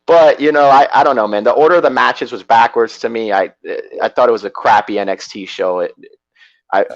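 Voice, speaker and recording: A man's voice: medium pitch, brisk, no echo, dull audio. A man co-hosting a wrestling podcast, rambling and hesitant, often repeating his words. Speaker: podcast co-host. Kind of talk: casual chat.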